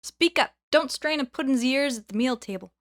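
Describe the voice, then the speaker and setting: A woman voicing an angry, rude male magic pudding with a thick, loud, bossy voice in a storybook reading. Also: a little high, normal speed, lightly acted.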